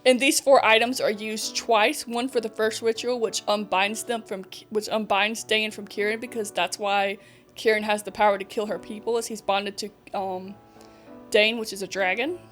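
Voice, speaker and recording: A woman's voice: medium pitch, moderate pace, soft background music. A young woman streamer hosting a podcast, retelling a book plot casually with swearing and acted-out dialogue. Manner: animated storyteller, swears casually, acts out dialogue. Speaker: podcast host, vtuber. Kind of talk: casual book recap chat.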